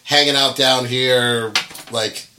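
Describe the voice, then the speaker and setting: A man's voice: medium pitch, fairly even intonation, slow, background noise. A man from Florida, a guest on a podcast, chatting casually and swearing a lot as he tells stories. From Florida, USA. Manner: profane, loud when telling a story. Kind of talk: casual chat.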